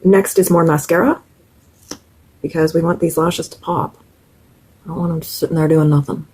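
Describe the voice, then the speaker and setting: Husky-voiced woman chatting through a makeup tutorial. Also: low voice, fairly even intonation, normal speed, a little mellow, poor audio. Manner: chatty, enthusiastic, talks to viewers directly. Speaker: beauty vlogger. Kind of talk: casual makeup tutorial chat.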